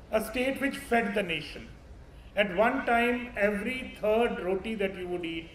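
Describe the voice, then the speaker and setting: A man's voice: high-pitched, echoey room, slight background noise, rough recording. A man from Punjab on a festival panel, explaining at length and asking rhetorical questions. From Punjab, India. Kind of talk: panel discussion answer. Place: hall at a film festival.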